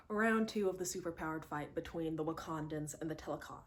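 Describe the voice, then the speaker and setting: A woman vlogger giving a casual, emphatic movie reaction, repeating lines for effect and dropping to hushed asides. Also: low voice, fairly quick.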